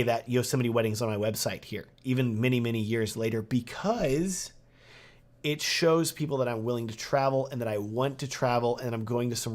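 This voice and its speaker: A man with a Texan accent hosting a casual livestream Q&A, answering viewer questions in an upbeat way with lots of "um" and "like". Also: mid-range voice. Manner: casual and upbeat, many fillers like "um" and "like". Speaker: wedding videographer hosting a livestream Q&A.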